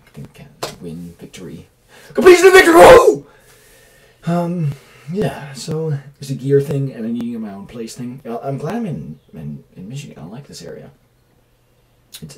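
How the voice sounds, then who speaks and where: Rambling, animated man vlogging at home. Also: on the low side, a little hiss or hum, low-quality recording. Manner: rambling, enthusiastic, drops to mutters. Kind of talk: casual vlog monologue. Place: small rented room at home.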